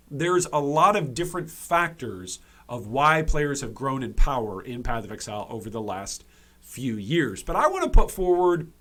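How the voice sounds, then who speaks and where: A man's voice: on the high side, fairly bright tone. A man hosting a gaming commentary video, speaking emphatically and repeating key points for stress, with frequent restarts and fillers.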